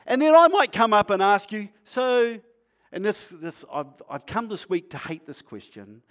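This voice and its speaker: A male pastor preaching in a conversational, playful way, asking the congregation questions and sometimes dropping to a quiet, earnest tone. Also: sing-song, normal speed. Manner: acts out a shopkeeper's sales pitch. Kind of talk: sermon.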